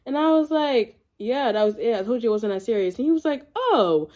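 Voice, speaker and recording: A young woman casually telling a personal story to her viewers, chatty and animated, acting out what others said. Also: fairly high pitch. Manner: chatty, animated, fast asides and quoted voices. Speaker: storytime vlogger.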